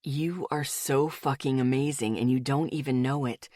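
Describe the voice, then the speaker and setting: Audiobook: woman voicing a protective young boyfriend, hushed and earnest, deeper than her own voice. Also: steady tone, moderate pace, no echo, clean studio sound. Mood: tender. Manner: low, soft and intimate, often murmured. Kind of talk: audiobook character voice.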